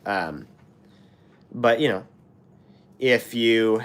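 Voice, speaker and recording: A man's voice: fairly low pitch, very slow, fairly bright tone. A young American man hosting a live stream, chatty and rambling, his throat scratchy and sore from being sick. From United States. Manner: rambling, many fillers and restarts. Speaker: channel host. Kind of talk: live stream chat, reading comments.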